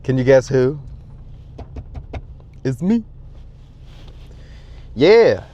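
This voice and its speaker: Brief: joking man, mid pitch, solo podcast from a moving car, road noise clear. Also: sing-song, very slow, dark tone, dull audio. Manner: joking, profane, goes off on tangents. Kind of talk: rambling casual chat while driving.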